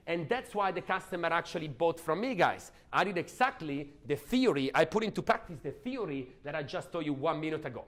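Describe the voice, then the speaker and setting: A man giving an energetic, emphatic sales training talk, often asking the audience questions. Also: fairly high pitch, a little fast, few pauses.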